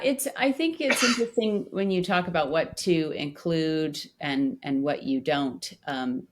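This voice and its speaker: Low voiced woman comic on a podcast, kinda hesitant, lots of ums and likes. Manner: reflective, hesitant, with many fillers. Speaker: podcast guest, comedian. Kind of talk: casual conversational podcast chat.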